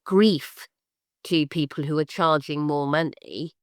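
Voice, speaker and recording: A middle-aged woman co-hosts a podcast, chatting in an animated, expressive way. Her voice sits low and sounds smooth and clear. The recording is dry and close, with no room sound. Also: slow, no room sound. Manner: animated, acts out quoted voices with big pitch jumps. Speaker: podcast co-host, artist. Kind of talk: casual podcast chat.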